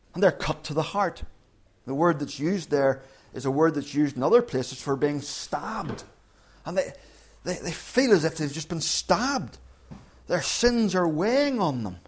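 Delivering a dramatic sermon, a preacher voices both the crowd and Peter, letting his delivery climb and drop with large swings in pitch.

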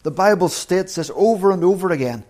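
A man preaching an evening sermon, reflective and measured, slowing down to read scripture aloud. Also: high-pitched, expressive, a little mellow.

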